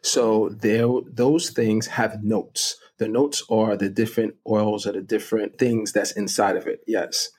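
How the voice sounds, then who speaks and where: A man's voice: on the low side, steady tone, measured pace, few pauses, a little mellow, slightly rough. A middle-aged man, a guest on an interview show, explaining with enthusiasm and laughing often. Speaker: guest fragrance connoisseur. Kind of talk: casual interview.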